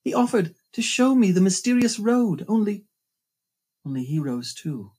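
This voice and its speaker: A woman's voice: mid-range voice, big pitch swings, moderate pace, a little mellow, breathy edge. A man voicing a young woman in an audiobook, speaking of her captor with earnest, rising passion. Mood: wistful. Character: young woman, frightened yet devoted. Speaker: audiobook character voice.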